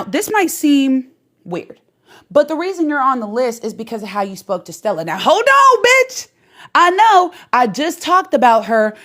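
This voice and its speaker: Sassy high-voiced woman ranting. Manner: sassy, profane, animated. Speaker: vlogger. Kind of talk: opinion callout rant.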